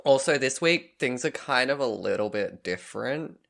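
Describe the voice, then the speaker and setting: A man's voice: medium pitch, expressive, normal speed, creaky, a bit bright. A man co-hosting a podcast in casual chat, dry and teasing, often laughing. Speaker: podcast co-host.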